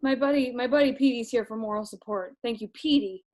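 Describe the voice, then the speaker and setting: A woman's voice: fairly high pitch, brisk, a little mellow, natural voice. A woman playing a nervous, rambling middle-aged dad who reviews movies in a comedy sketch, stammering through constant fillers. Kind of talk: comic sketch monologue.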